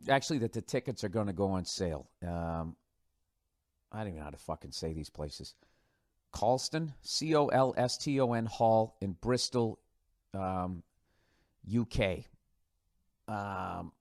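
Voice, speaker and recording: A man's voice: mid-range voice, dry recording, clean studio sound. Sarcastic, profane man with a Boston accent. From United States. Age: 40s. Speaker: podcast host. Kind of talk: casual rambling monologue.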